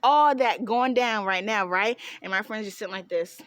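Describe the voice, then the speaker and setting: A young woman telling an animated storytime, breaking into laughs and shouts as she goes. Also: medium pitch, normal speed, dry recording. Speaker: vlogger.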